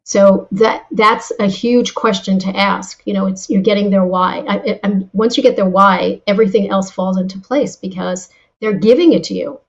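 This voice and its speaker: A woman guest in an interview who tells stories in a lively, animated way and often repeats words as she starts a sentence. Her voice sits at a middle pitch. The recording sounds a little muffled and lo-fi. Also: normal speed. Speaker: guest, sales and leadership speaker. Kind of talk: interview answers with personal stories.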